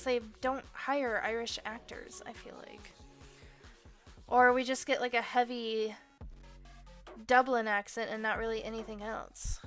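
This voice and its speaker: Bright-voiced chatty American woman. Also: on the high side. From United States. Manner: chatty, rambling, casually swearing. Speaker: streamer. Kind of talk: casual chat while coloring.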